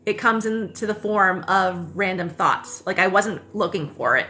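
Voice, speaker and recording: A woman's voice: medium pitch, moderate pace, sharp tone, soft background music. A woman in her thirties hosting a casual livestream, telling a personal story in a rambling way, full of fillers and self-corrections, with casual swearing. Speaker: spiritual livestream host. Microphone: phone livestream.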